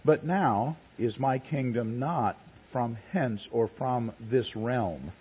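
A man preaching a sermon, reading scripture slowly and then retelling it in plain conversational words. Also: mid-range voice, breathy edge. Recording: tinny phone-like recording.

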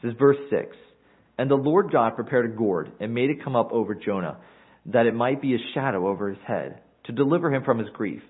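Husky male preacher on a tinny line. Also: mid-range voice, expressive, a little fast. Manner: earnest expository preaching, reading scripture aloud. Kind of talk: sermon. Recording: tinny phone-like recording.

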